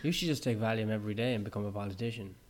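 A man's voice: on the low side, very fast. A man co-hosting a casual podcast chat, dropping dry joking asides. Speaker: podcast co-host.

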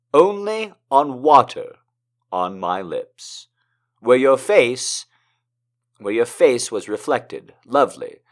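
A man reading poems aloud and joking between them, moving from slow dramatic recitation to fast, excited, profane banter. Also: mid-range voice. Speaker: poetry reader. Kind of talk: casual poetry reading with commentary.

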